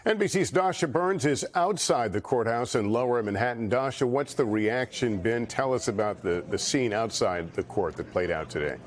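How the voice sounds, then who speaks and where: A man anchoring a network evening newscast, briskly handing off to reporters. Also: mid-range voice, animated. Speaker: news anchor. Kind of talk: broadcast news anchoring.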